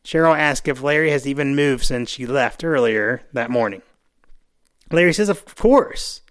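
A man's voice: mid-range voice, moderate pace, smooth. Man recapping a TV scene. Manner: animated, acts out scenes with put-on quotes. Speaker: podcast co-host. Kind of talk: casual chat recapping a TV episode.

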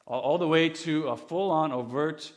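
A man preaching a sermon in an earnest, conversational way, animated and full of restarts. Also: normal speed. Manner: animated, acts out quoted voices with big pitch swings. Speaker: pastor.

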